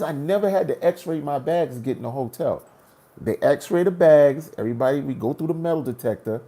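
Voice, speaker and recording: Brief: man, gravel in the voice, slangy and animated, recounting a trip for his vlog. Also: on the high side, brisk. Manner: animated, slangy, acts out his own reactions. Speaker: travel vlogger. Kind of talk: casual storytelling.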